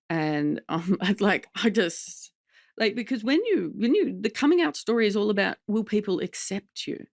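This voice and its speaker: Speaking a little slowly and pausing often, this Australian comedian shares stories on a frank podcast, frequently dropping into impressions of others. Her mid-range voice comes through dry and clean in a studio recording.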